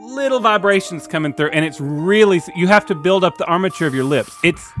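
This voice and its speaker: A man's voice: high-pitched, animated, brisk, a bit bright, soft background music. A man telling a story animatedly, imitating trumpet sounds in comedy banter.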